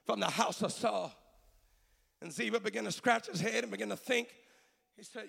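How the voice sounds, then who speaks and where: A man preaching a sermon, shifting between a low, intimate delivery and shouted, sing-song whooping, with "uh" filling his pauses. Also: creaky, long reverb tail. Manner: fills pauses with "uh". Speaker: pastor.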